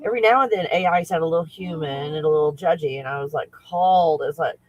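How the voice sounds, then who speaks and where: A man who works as a spiritual coach talks casually on a livestream, excitable and rambling, often breaking into laughter. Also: a little high, fast, rough recording.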